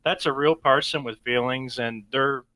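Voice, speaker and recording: Bright-voiced man chatting easily. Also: mid-range voice, moderate pace, no echo, rough recording. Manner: relaxed, many likes and you knows. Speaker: podcast guest. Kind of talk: casual chat.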